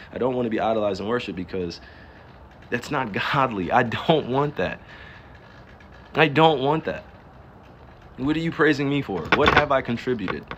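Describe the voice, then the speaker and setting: A man from New Jersey speaks in a middle-pitched voice on a casual livestream. He is emphatic and profane and keeps posing rhetorical questions. A faint hiss sits behind his voice. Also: fairly bright tone. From Newark, New Jersey. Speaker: livestreamer and pro athlete.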